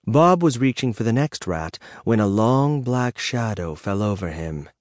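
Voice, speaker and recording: A male audiobook narrator telling a fantasy tale in a measured, unhurried way. His voice sits low, and the studio sound is close and dry. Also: no echo. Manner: measured, even storytelling.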